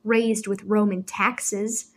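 A woman's voice: medium pitch, level tone, slow, husky. A woman voicing a hot-tempered teenage boy who speaks rudely and with passion. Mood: angry. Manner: rude, passionate, defiant.

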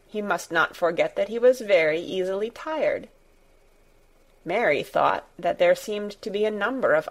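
This is scripted audiobook narration of a classic children's novel by a woman, her voice medium in pitch. She tells the story steadily and with measured delivery.

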